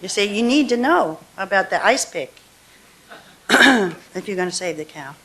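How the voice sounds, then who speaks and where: A woman poet at a live reading, talking casually between poems with fillers and restarts, then reading her verse slowly and deliberately. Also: medium pitch, animated, sharp tone, a little hiss or hum. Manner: chatty asides, slow deliberate verse reading. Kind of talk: poetry reading with commentary. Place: university reading hall.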